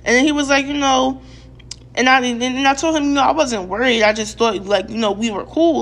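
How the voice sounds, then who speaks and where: A young woman, telling a storytime rant to her vlog audience, animated and profane, with lots of filler words and re-enacted quotes. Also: on the high side, brisk. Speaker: vlogger.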